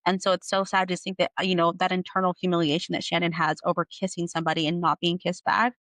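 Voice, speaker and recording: A woman's voice: fairly low pitch, flat delivery, fast, fairly bright tone, no room sound, low-quality recording. A woman hosting a podcast, recapping a novel in an analytical way with many "like" and "you know" fillers. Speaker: podcast host. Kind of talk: book recap discussion.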